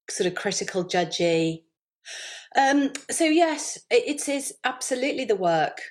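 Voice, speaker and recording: A woman talking as a podcast guest in a chatty, animated storytelling way. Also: medium pitch. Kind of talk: casual interview chat.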